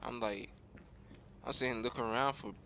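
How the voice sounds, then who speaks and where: A man's voice: medium pitch, fairly even intonation, normal speed, bright, forceful tone, a little hiss or hum. A young man casually commenting on a game he is playing, rambling in slang and chatting to his viewers. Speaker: gaming streamer.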